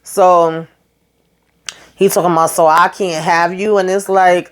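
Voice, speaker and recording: A woman's voice: lowish voice, steady tone, normal speed. A woman hosting a casual TV episode recap, retelling scenes through quoted dialogue in a blunt, opinionated way. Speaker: TV show recap host.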